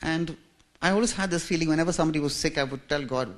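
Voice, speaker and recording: A man's voice: fairly high pitch, quick pace. Chuckling man telling stories. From India. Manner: humorous, self-mocking, chuckling. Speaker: speaker telling his life story. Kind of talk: storytelling talk. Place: church.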